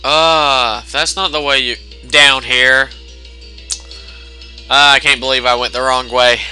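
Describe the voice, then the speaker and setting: Steady and slow, his mid-range voice carries a bright, forceful tone as he comments on a game he's playing. It's a let's play with game music underneath, full of jokes and swearing, with the on-screen text read out in mock voices.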